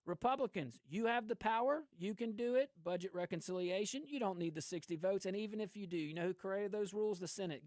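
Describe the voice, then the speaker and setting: A man's voice: high voice, dry recording, clean studio sound. A man hosting political commentary, ranting with lots of laughs. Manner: animated, ranting, laughs often. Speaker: host.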